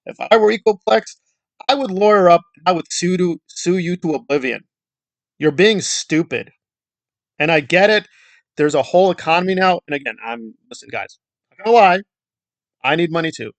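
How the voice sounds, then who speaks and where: A man's voice: sits high, normal speed, gravelly, long pauses, no echo. A man delivering an angry commentary rant, scornful and insulting, and repeating his points for emphasis. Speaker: YouTube commentator.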